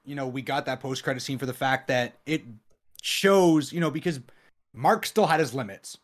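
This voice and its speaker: A man's voice: medium pitch, normal speed. A man co-hosting a podcast in casual chat, hesitant and full of you-knows. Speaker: podcast co-host.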